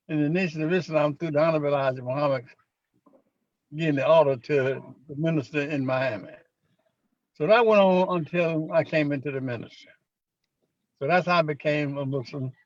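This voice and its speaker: An older man being interviewed, recounting personal memories in an unhurried storytelling way and acting out what people said. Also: fairly high pitch, steady tone, no echo, muffled recording. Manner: unhurried storyteller who acts out quotes. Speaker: interviewee, former minister.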